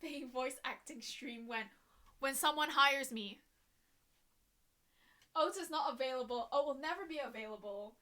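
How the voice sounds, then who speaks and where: Bright, high-voiced joking woman streamer. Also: moderate pace, long pauses. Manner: jokey, self-mocking, laughs often. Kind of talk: casual gameplay chat.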